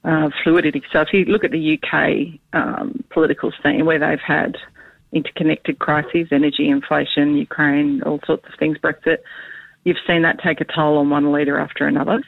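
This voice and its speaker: A woman's voice: low voice, level tone, moderate pace, gravelly, no room sound. A woman academic speaking as a radio guest over the phone, thoughtful and hedging with frequent ums. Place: Queensland, Australia. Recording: tinny phone line.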